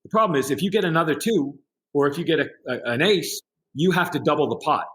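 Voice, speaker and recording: A man's voice: on the high side, fast talker. A middle-aged man, a podcast guest, telling a story in casual conversation and acting out the other people in it. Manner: animated anecdote-telling with quoted voices.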